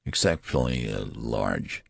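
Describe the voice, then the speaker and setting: A man's voice: a bass voice, expressive, unhurried, creaky, no echo, clean studio sound, voice pushed down, full character voice. A man playing a nervous, stammering father. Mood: flustered. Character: flustered, ashamed new father, middle-aged man.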